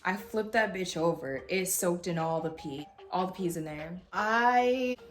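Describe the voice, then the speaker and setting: A young woman vlogger casually telling a story at home, animated and swearing freely as she acts out what people said. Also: lowish voice, measured pace, faint music behind. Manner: animated, swears freely, voices others in quotes. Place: home room with a heater.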